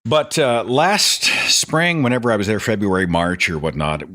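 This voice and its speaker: A male podcast host talking off the cuff in a loose monologue, his lowish voice swinging widely in pitch as he jumps between stories. He pokes fun at himself as he goes. Recorded close on a studio mic. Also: normal speed. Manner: rambling, animated, self-deprecating storyteller. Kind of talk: casual stream-of-consciousness monologue.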